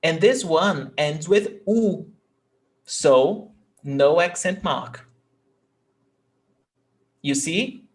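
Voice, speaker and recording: Slow, patient Brazilian teacher, man. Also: fairly high pitch. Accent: Brazilian Portuguese. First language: Portuguese. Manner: patient, repeats examples slowly, checks understanding. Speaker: Portuguese teacher. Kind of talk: live online language lesson.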